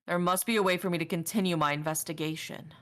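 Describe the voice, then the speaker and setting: A woman reading the lines of a composed adult male prosecutor from a game, in a measured, reflective manner. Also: on the low side, steady tone, a bit bright, slight background noise, close to an everyday voice. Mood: thoughtful. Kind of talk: reading game dialogue aloud.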